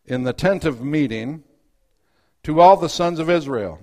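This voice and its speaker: A man with a high voice preaching a sermon. He reads scripture aloud and acts out the voices in it. He swings from loud, rising outbursts to quiet, hushed asides. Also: lively intonation, unhurried.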